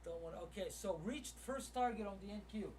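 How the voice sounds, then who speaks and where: A man's voice: high-pitched, brisk, a little mellow, recorded from a distance, slight background noise. A man who runs a live trading room, commenting on his trades as he streams and thinking aloud to his viewers.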